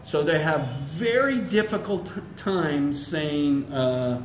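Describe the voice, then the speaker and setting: A man's voice: fairly high pitch, slow, hardly any pauses, roomy sound, a little hiss or hum. A man with an American accent, an English teacher chatting casually and playfully in an interview. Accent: General American. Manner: lively, playful, imitates other accents. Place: language school in Bangladesh.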